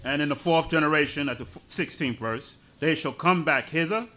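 Male scripture reader, measured and careful, bright voice. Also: on the high side. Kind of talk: reading scripture aloud.

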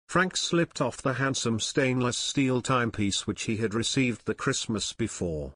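A male audiobook narrator reading at a steady, even pace of storytelling. His pitch is mid-range and the recording is very dry and close, with no room sound. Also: measured pace, hardly any pauses, dry recording. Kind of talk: scripted narration.

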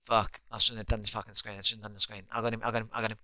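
A young man giving live commentary on his own basketball video game, excitable and swearing constantly as he yells at teammates. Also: on the low side, very fast, dry recording. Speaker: gamer.

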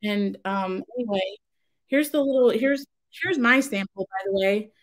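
A woman's voice: medium pitch, moderate pace, rough recording. A woman crafter on her own channel, talking casually in a rambling, exasperated, self-interrupting way from home. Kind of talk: casual vlog rant.

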